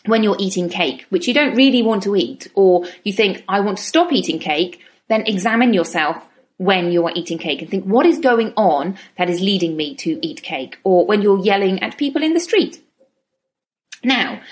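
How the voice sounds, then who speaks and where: A middle-aged woman giving a calm, reflective self-help talk and slowing down on key words. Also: mid-range voice.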